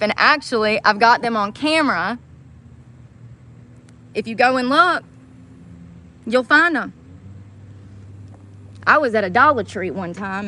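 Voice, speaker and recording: A woman's voice: on the high side, fairly bright tone, slight background noise. A woman ranting heatedly on a casual livestream, swearing often and repeating herself for emphasis. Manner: heated, profane, repetitive. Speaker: livestream host.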